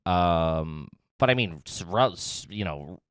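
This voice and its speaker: Lively, teasing man, dry close sound. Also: deep voice, slow, clear, resonant tone, dry recording. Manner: profane, teasing, laughs often. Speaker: podcast host. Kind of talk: casual comedy chat.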